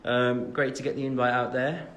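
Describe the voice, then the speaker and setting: At a normal speed, his mid-range voice stays level with a fairly bright tone. He's a man in his twenties with an English Midlands accent, home after the gym and chatting loosely on a phone-camera livestream, answering fan questions amid fillers and self-deprecating asides.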